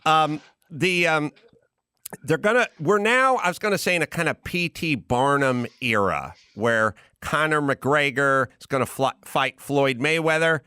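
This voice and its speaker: A man hosting a podcast, chatting casually and riffing in a rambling, animated way. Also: on the high side, measured pace, clean tone, no echo, studio quality. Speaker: podcast host. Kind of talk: casual chat.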